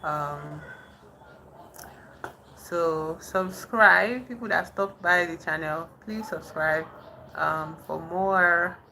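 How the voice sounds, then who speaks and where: Slow, bright-voiced woman chatting live. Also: on the low side, creaky, slight background noise, poor audio. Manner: halting, trying out French phrases between laughs. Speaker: livestream host. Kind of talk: casual live chat with viewers. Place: indoors in the dark at night.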